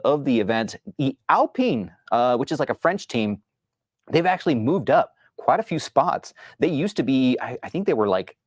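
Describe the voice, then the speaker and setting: A man's voice: mid-range voice, dry recording. A man hosting a sports show, chatting casually about games with lots of restarts and fillers. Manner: rambling, many restarts and fillers.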